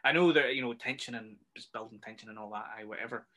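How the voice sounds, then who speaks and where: A man's voice: mid-range voice, fast talker, bright, forceful tone. A man with a Northern Irish accent co-hosting a casual film review chat, ranting and swearing freely. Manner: ranting, swears freely, acts out scenes in raised voices. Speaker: podcast co-host.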